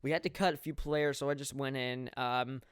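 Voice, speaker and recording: A young man commentating his own football video game in a mock sports play-by-play style, jokey and laughing at his plays, swelling with excitement on big moments. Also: mid-range voice, normal speed, smooth, dry recording, clean studio sound. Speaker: gameplay commentator.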